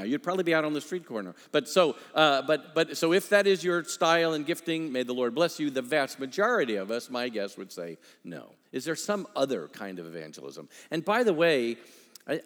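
A man delivers a sermon with a mid-range voice, telling a story through frequent restarts and dry, self-deprecating asides. His voice rings out with a long reverb, as in a church hall. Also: mid-range voice. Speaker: preacher.

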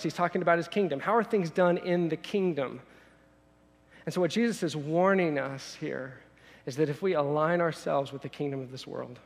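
A man's voice: on the high side, vocal fry. A man preaching a sermon in a conversational way, often repeating his words and acting out quoted voices. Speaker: pastor. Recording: long hall reverb.

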